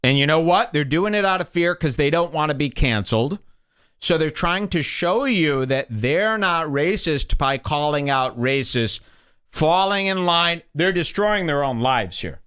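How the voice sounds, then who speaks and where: A man's voice: fairly high pitch, expressive, a little slow, fairly bright tone, clean tone. A man hosting a podcast, reacting to clips with heated, emphatic, scornful commentary. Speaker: podcast host.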